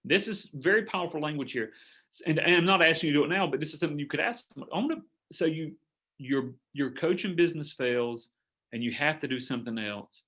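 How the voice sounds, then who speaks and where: Middle-aged male coach, fairly high voice, earnest, animated, on a video call. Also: fairly quick. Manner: earnest, animated, acts out sample dialogues. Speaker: business coach. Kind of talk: coaching workshop talk.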